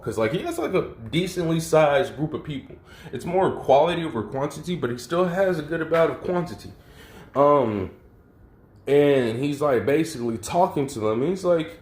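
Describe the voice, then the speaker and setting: A man's voice: mid-range voice, animated, normal speed, darkish tone. A man casually retelling a fan story, rambling with lots of fillers and crude slang. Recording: roomy echo.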